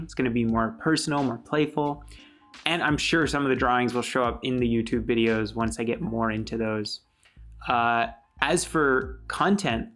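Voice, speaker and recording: A young man, a YouTube creator, answering viewer questions in a casual, upbeat chat and laughing easily. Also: mid-range voice. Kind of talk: casual Q&A monologue.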